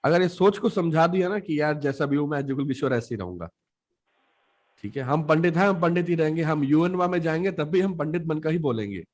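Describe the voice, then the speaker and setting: A man from Punjab with a Punjabi accent, mentoring students on public speaking in an emphatic, rapid-fire way with rhetorical questions. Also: fairly high pitch, expressive, a little mellow. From Punjab, India. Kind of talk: mentoring session.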